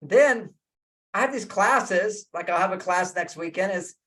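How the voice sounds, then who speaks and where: Picture a man with a high, bright-sitting voice giving relationship advice over a video call. He is emphatic and drives points home by repeating key phrases. He slips into little acted-out lines of what a partner might say. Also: expressive, measured pace. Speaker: relationship speaker. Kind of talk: lecturing guest speaker.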